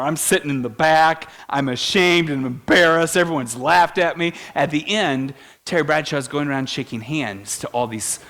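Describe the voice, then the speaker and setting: A man's voice: a little high, fairly bright tone. A young man preaching, telling a funny personal story and laughing at himself. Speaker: pastor.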